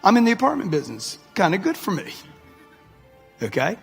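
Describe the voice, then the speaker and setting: A man's voice: sits high, huge pitch swings, fairly quick, creaky, breathy edge. Brash sixty-year-old man preaching. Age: 60s. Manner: brash, preachy, addresses the crowd directly with slang. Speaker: motivational speaker. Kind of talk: live motivational talk to an audience. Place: large hall before a live audience. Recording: echoey hall with music underneath.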